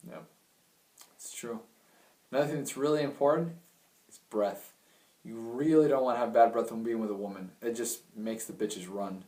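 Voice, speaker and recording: A man's voice: medium pitch, fairly even intonation, normal speed, long pauses, dark tone. Crude young man, distant and roomy. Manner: crude, blunt, chatty. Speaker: dating advice vlogger. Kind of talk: casual advice talk. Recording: roomy sound, mic at a distance.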